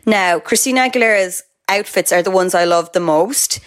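A young Irish woman co-hosting a podcast, telling stories in lively, laughing casual chat. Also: lowish voice, normal speed. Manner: animated storyteller, laughing. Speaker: podcast co-host.

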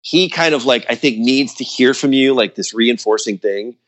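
A man telling a story about his old band in casual chat, acting out quotes in a higher voice, with lots of fillers. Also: moderate pace, a bit bright. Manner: loose and chatty, many fillers like "like" and "you know". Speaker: guest musician.

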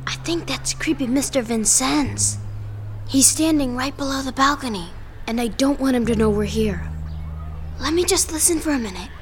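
A woman's voice: high voice, expressive, normal speed. A woman voicing a curious, brave eleven-year-old girl detective who talks eagerly to her cat. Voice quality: bright, eager narrating. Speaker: voice actor. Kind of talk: audio drama acting. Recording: background ambience noise.

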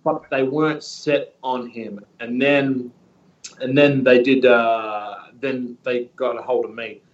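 Relaxed man in his thirties, distant echoey. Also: medium pitch, slow. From Australia. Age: 30s. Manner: rambling, relaxed, with filler words. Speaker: guest. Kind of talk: casual interview. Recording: distant, echoey, muffled room sound.

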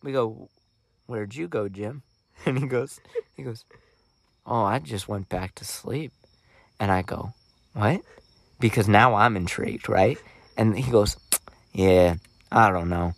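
A young man co-hosting a podcast, telling stories casually, with lots of laughter and loud acted-out quotes. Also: slow pace, gravelly, pauses often, dry recording. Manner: animated, acts out quotes in loud high voices, laughs often. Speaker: podcast co-host. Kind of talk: casual storytelling chat.

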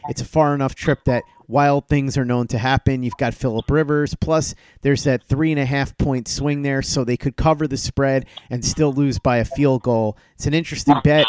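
A male podcast host introducing segments and reading sponsor ads in a brisk, upbeat way. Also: medium pitch, a little mellow, no echo. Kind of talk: podcast hosting with sponsor reads.

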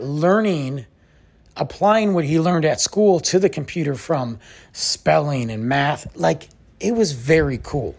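Husky, animated man ranting. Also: a little high. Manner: animated, exasperated, acts out others' lines. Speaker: podcast host. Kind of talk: casual storytelling rant.

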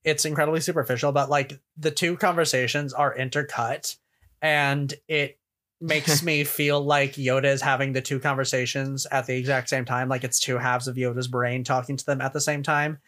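A man's voice: medium pitch, little pitch movement, moderate pace, pushed and bright. A man co-hosting a casual fan discussion podcast, rambling and musing with many restarts. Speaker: podcast co-host.

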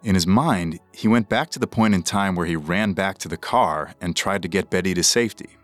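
A man narrating a scripted true story for a podcast in a measured, dramatic way. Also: sits low, dry recording, soft background music.

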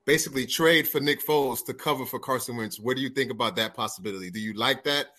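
A man hosting a casual sports podcast, who haltingly sets up questions for his co-hosts. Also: mid-range voice, bright, forceful tone. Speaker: podcast host.

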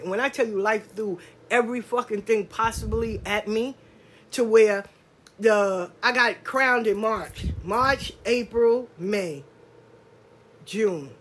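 A woman's voice: fairly high pitch, husky. A middle-aged woman, telling her own life story candidly and emphatically, full of slang and swearing. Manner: street slang, drawn-out stresses. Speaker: podcast speaker. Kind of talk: personal testimony monologue.

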